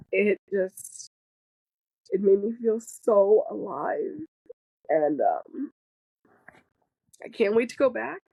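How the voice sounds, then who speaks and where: A woman with a medium-pitched, gravelly, slightly mellow voice chats casually as a podcast guest, speaking candidly and rambling with many fillers and restarts. She swears freely and jokes along the way, in a low-quality recording with no echo.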